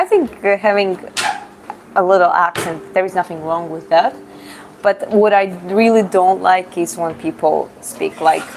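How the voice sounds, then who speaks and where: A Georgian-accented woman from Georgia, working as a fitness coach and livestream host, chats casually through viewers' questions and often pauses to find words. Her voice runs low. The recording is rough, with slight background noise.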